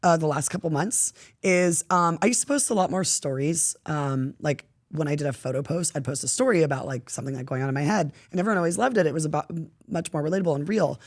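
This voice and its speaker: Fast-talking young woman, casual and slangy. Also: low-pitched. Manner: animated, slangy, swears freely. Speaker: podcast guest. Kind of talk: casual chat.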